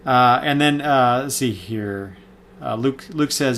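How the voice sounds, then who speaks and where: A man's voice: mid-range voice, normal speed, a bit bright, a little hiss or hum. A man giving a casual, rambling spoken review of comics, full of fillers and self-corrections.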